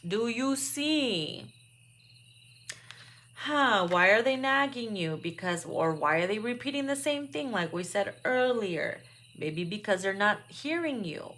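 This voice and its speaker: A woman's voice: mid-range voice, expressive, moderate pace, a bit bright. A woman doing a casual tarot card reading, blunt and profane, laughing often. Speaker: tarot reader.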